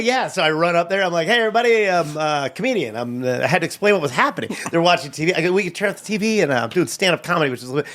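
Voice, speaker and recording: A middle-aged comedian telling stories with a lot of energy, his voice riding fairly high and jumping all over. He acts out the people he meets and laughs through his own lines. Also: lively intonation, rapid-fire, hardly any pauses, a bit bright. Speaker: stand-up comedian guest. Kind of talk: animated storytelling on a podcast.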